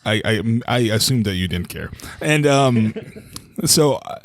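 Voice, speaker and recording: A man's voice: on the low side, lively intonation, takes it slowly. A man who works as a voice actor, chatting on a podcast and laughing easily as he rambles through a story. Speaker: voice actor guest. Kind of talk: casual podcast chat.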